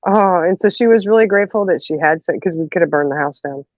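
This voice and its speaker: A woman hosts a casual chat and tells family stories in a lively, animated way. She acts out the voices in her tales, laughs often and leans on "you know." The recording is dry and slightly muffled. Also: fairly low pitch, fast, dry recording. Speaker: host. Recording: dull, muffled audio.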